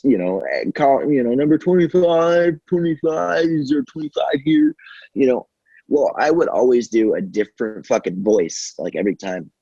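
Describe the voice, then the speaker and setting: Young guy rambling thru a story, swears a lot, husky dark voice, dull dry recording. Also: on the low side, dry recording. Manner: rambling, profane, lots of fillers. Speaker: podcast guest. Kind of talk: casual storytelling chat.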